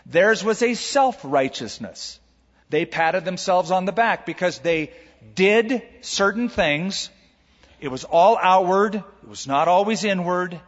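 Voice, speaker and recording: A man preaching a sermon to a congregation, animated, stretching out key words and putting rhetorical questions to the listeners. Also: high-pitched, slow pace. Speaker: pastor. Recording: long hall reverb, dull lo-fi sound.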